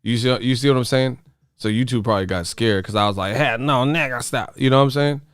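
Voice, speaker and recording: A man's voice: medium pitch, fast talker, clear, resonant tone, no room sound, studio quality. A man hosting a casual boxing livestream, ranting profanely and firing off rhetorical questions. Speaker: boxing YouTuber host.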